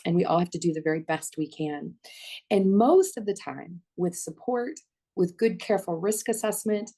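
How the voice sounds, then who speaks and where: A midwife who serves as a clinical director offers remarks on a parents' panel, emotional and heartfelt, growing a little teary as she speaks. Her voice is mid-range with a dark tone.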